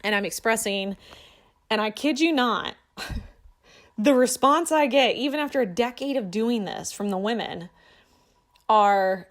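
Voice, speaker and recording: A woman's voice: a little high, lively intonation, a little slow, pauses often. A woman in her thirties, a coach, telling a personal story to her viewers in an earnest, assertive way. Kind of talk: casual motivational talk to camera.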